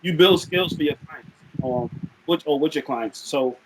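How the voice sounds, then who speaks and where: A young man talking as a podcast guest, relaxed and rambling, with frequent fillers in casual chat. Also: on the high side, normal speed, background noise.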